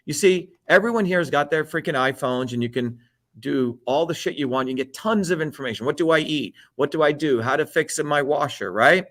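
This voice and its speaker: A man's voice: a little high, a little fast, a bit bright. A man, a political candidate, ranting emphatically in a heated, profane interview, chanting slogans again and again.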